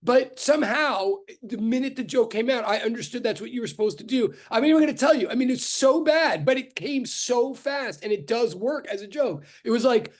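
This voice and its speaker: Chatty high-voiced male physics professor. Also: lively intonation, fairly quick, hardly any pauses. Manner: chatty, self-interrupting, full of fillers and restarts. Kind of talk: rambling classroom lecture. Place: classroom.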